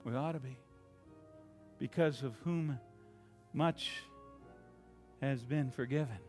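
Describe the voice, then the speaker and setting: A man preaching a sermon, swinging from loud, dramatic lines to hushed ones and acting out the quotes he reads. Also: medium pitch, slow, soft background music.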